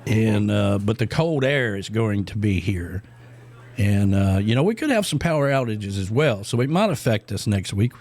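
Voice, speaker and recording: A man's voice: fairly low pitch, animated, normal speed, darkish tone. A middle-aged man co-hosting a radio show in casual chat, rambling with lots of fillers and restarts.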